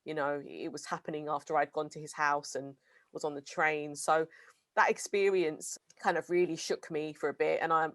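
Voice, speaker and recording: Woman, British accent, low voice, dry close sound, hesitant, filler-heavy casual talk. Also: fairly bright tone, no echo. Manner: hesitant, full of "sort of" and "kind of". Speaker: co-host. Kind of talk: casual discussion.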